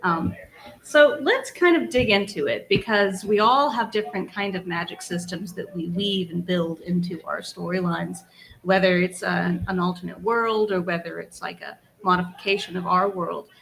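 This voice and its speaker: A woman moderating a convention panel, relaxed and hesitant, with frequent ums. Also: fairly low pitch, normal speed, creaky, low-quality recording.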